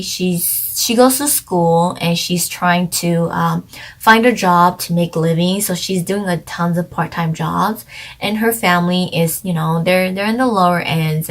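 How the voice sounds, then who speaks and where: Chatty young woman reviewing a drama. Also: on the low side. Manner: chatty, rambling, heavy use of "like". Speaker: drama reviewer, channel co-host.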